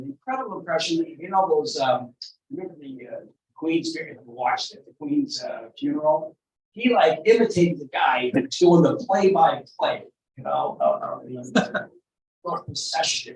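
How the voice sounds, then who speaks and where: A man's voice: fairly high pitch, echoey room, far from the mic, poor audio. A man in his sixties emceeing an event with rambling, joking stage banter and loose asides. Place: event venue.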